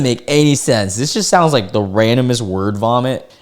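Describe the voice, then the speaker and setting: A man's voice: medium pitch, moderate pace, hardly any pauses. A young man hosting his channel, reading Reddit posts aloud and reacting to them with sarcastic, disbelieving asides. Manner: incredulous, sarcastic asides with frequent laughs; reads quoted messages in a flat deadpan. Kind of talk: comedic reading and reaction commentary.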